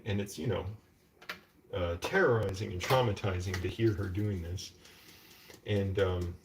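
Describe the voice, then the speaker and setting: A man ranting at home in a live stream, telling a long story with many fillers and restarts. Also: lowish voice. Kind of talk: casual rambling rant. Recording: distant mic with faint background noise.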